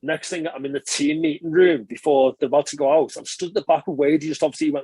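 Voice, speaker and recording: A man, a former rugby player, recalls his career in a relaxed interview, rambling and correcting himself as he goes. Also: on the high side, quick pace, vocal fry, slightly rough, dry recording. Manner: chatty, rambling recollection, frequent filler and self-correction. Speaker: former professional rugby player, podcast guest.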